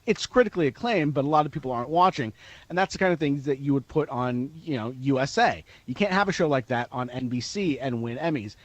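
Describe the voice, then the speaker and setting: A man's voice: mid-range voice, expressive, fast talker, no room sound. A man reporting as an entertainment correspondent in a radio interview, chatty and laughing as he tells anecdotes.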